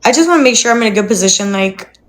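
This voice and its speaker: A woman's voice: mid-range voice, expressive, racing. A young woman chatting casually on a phone livestream from her apartment, rambling, with cooing baby-talk to her dog.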